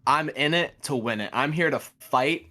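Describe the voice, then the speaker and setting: A man's voice: on the high side, moderate pace, bright, forceful tone. A young man in a mid-range voice jokes his way through a casual live show as a guest. He tells stories against himself with easy, self-deprecating humor. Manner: joking, self-deprecating storyteller.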